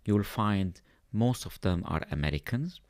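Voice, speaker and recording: Low-voiced man explaining as a guest. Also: lively intonation, a little mellow, no room sound, clean studio sound. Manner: thoughtful, pauses with fillers. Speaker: podcast guest. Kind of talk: conversational explaining.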